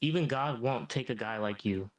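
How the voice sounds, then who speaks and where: A man's voice: medium pitch, moderate pace, natural voice, low-quality recording. A synthetic male voice playing a smug, ancient devil who keeps calling people "mate". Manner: smug, says "mate" a lot. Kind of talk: AI chatbot role-play.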